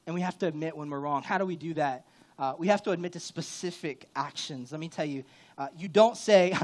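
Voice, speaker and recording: A man's voice: on the high side, a little fast, a little mellow. A male pastor preaching a sermon in a candid, conversational way, with sudden emphatic rises. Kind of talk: church sermon.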